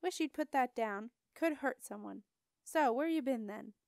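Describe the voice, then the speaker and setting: A woman voicing a grumpy male marsh creature with a deep, gurgling voice and a broad marshland drawl, dropping word endings. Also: expressive, measured pace, vocal fry, a little mellow, no room sound, clean studio sound. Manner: grumbling, clipped dropped endings.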